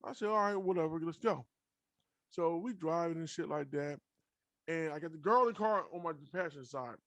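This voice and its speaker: Profane, animated young man telling stories. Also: fairly high pitch, a little fast, dry recording, dull audio. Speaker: podcast host. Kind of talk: casual storytelling.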